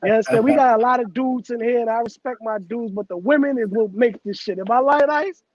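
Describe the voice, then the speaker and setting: Host, male, very high pitch, loose profane banter, dull dry recording. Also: fairly quick, darkish tone, no echo. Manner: loose, profane street talk, laughs often. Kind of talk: casual chat.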